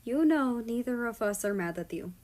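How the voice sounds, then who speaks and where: A woman's voice: on the high side, lively intonation, moderate pace, voice pushed up, natural voice. A woman voicing a tender protective father. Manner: soft, reassuring.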